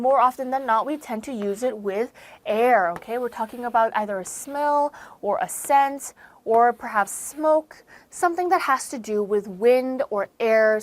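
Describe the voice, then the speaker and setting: An American woman teaching vocabulary, her voice on the higher side and recorded close and dry. She explains each word patiently, circling back to rephrase and leaning hard on the key terms. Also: dry recording. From United States. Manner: repeats and rephrases, stressing key words with lively pitch jumps. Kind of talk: explanatory online lesson.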